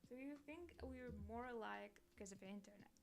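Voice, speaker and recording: A young woman from Poland with a Polish accent, chatting casually while drawing, hesitant with many pauses and restarts. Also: fairly high pitch, gravelly. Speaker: artist streaming while drawing. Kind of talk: casual chat.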